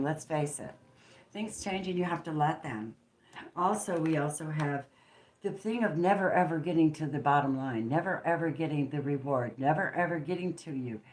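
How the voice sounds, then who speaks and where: A woman giving a spontaneous channeled tarot reading, emphatic and preachy, moving between hushed and forceful and swearing bluntly. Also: low voice. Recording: roomy echo with faint background noise.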